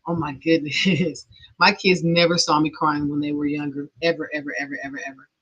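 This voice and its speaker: A middle-aged woman hosts a podcast, telling a personal story in a deep, level, fairly quick voice that's a bit bright with a breathy edge. She's earnest and emotional, laughing nervously at times, and the lo-fi recording sounds dull.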